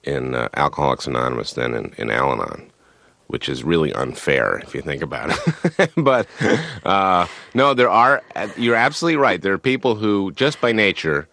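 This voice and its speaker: A man speaking as a comedian guest in a radio interview, wry and halting, laughing between phrases. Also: extremely low pitch, big pitch swings, gravelly, sharp tone.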